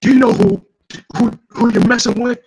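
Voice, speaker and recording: A man doing a loud, blustering drug dealer. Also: creaky, husky, rough recording. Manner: loud, high and drawn-out. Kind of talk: comic read aloud.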